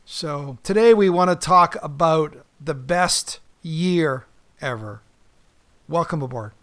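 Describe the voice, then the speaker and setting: A man's voice: a little high, slow, a bit bright, a little hiss or hum. Rambling middle-aged male podcast host. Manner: rambling, many ums and uhs and restarts. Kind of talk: casual podcast monologue.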